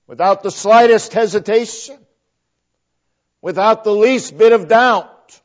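A man's voice: high-pitched, slow pace. A man preaching a sermon, emphatic, repeating phrases for stress. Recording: dull lo-fi recording.

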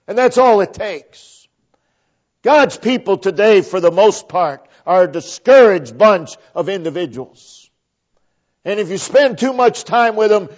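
A man delivers a sermon in an unhurried, deliberate way, hammering phrases through repetition. His voice sits high for a man and lurches from ringing emphasis down to near-whispers. The recording sounds muffled and lo-fi. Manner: dramatic, swinging from loud emphasis to hushed near-whispers. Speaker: preacher. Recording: dull lo-fi recording.

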